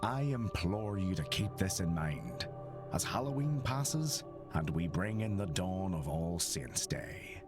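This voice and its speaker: An actor playing a stern middle-aged reverend who delivers a solemn sermon in a measured, admonishing manner. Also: male voice, deep voice, big pitch swings, music in the background, heavily acted. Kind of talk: solemn game voice acting, sermon.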